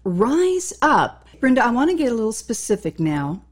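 A woman host introducing a guest's memoir and asking measured interview questions. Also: fairly high pitch, very animated, husky. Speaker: talk show host.

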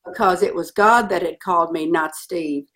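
A middle-aged woman telling a personal story in an interview, earnest and animated. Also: on the low side, moderate pace. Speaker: guest.

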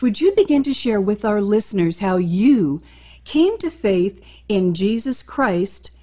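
Slow, formal woman introducing her guest. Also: mid-range voice, warm tone. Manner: flowery, measured and formal phrasing. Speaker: interview host.

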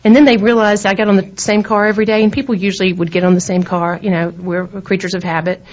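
A woman's voice: mid-range voice, flat delivery, quick pace, a little mellow. A middle-aged woman with a Southern accent co-hosting a radio talk show, chatting in a rambling, laughing way. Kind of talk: casual on-air chat. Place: radio studio. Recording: dull lo-fi radio recording.

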